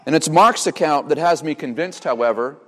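A man's voice: fairly high pitch, brisk, fairly bright tone, in a large hall. A young man preaching a sermon from the pulpit, asking the congregation rhetorical questions. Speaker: pastor. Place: church sanctuary.

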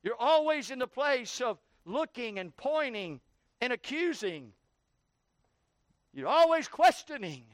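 High-voiced preaching pastor, dry sound. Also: male voice, very animated, slow pace, dry recording. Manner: preaching with rising, heated questioning. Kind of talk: sermon. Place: church.

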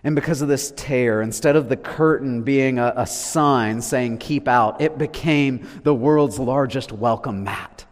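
A man preaching a sermon, swinging from loud declarations to hushed, low lines. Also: unhurried, few pauses. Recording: long reverb of a large hall.

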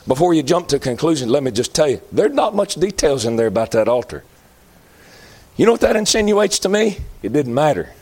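A man's voice: fairly high pitch, a little mellow, husky. A man preaching a sermon in an emphatic, folksy way, repeating lines for effect.

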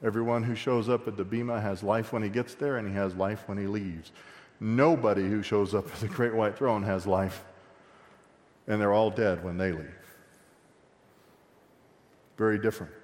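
A man preaching an expository sermon in a conversational way, joking with the congregation and swinging between loud emphasis and quiet asides. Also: on the low side, steady tone, normal speed, pauses often, in a large hall. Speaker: pastor.

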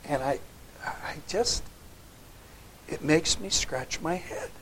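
A man preaching a sermon in a fairly high voice, hammering his hearers with pointed rhetorical questions. He builds to loud, forceful challenges, then drops low and quiet, with a faint hiss behind him. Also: expressive, slow. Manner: emphatic, with sharp rhetorical questions. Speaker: pastor.

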